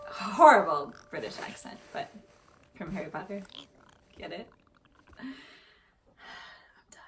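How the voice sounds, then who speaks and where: A woman's voice: on the low side, lively intonation, takes it slowly, long pauses, a bit bright, distant mic. A young woman hosting a reaction video, giggling and gushing as she comments. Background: cartoon soundtrack and music playing.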